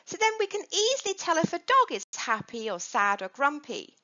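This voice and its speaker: Using coaxing questions and playful prompts, a woman gets young kids to answer during a lesson on dog safety. She speaks sing-song at a moderate pace in a high, bright, forceful voice, on a dull lo-fi recording.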